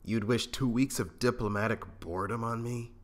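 A man's voice: medium pitch, fairly even intonation, moderate pace, pitched above the performer's own voice, natural voice. A man voicing a stubborn, sarcastic middle-aged smuggler in a fan audiobook reading. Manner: sarcastic, grumbling.

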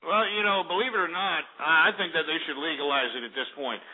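A high-pitched man runs a call-in radio show with a brash, ranting delivery, berating callers and barking orders to dump them. His voice comes through a thin, phone-like band that strips out the lows and highs. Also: fast. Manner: ranting, insulting, hangs up on callers. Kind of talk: abrasive call-in show hosting. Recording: lo-fi phone-like internet radio audio.

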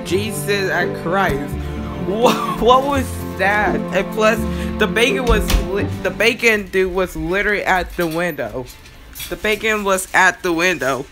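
Panicky yelping male gamer, slow-talking. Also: high-pitched, lively intonation, over loud music. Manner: panicky, yelping and laughing while playing. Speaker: gaming channel host. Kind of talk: let's-play commentary.

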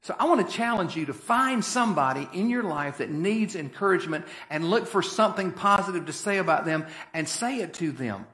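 Folksy pastor preaching in echoey church. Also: male voice, high-pitched, expressive, fairly quick, hardly any pauses, bright, forceful tone. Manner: conversational, folksy, emphatic preaching. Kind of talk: sermon. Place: church sanctuary.

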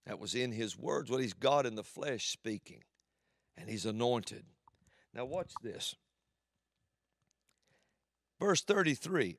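A man preaching a sermon with emphatic swings between loud declarations and quiet asides. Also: medium pitch, expressive, takes it slowly, long pauses, no room sound, clean studio sound.

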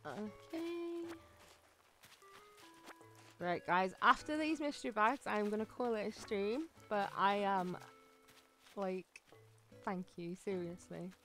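A woman's voice: medium pitch, animated, takes it slowly, long pauses, fairly bright tone. A woman streaming a game, chatting casually and gushing with thanks, often gasping and giggling. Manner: bubbly, gushing thanks, frequent gasps and giggles. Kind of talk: casual livestream chat while gaming. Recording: faint game music behind.

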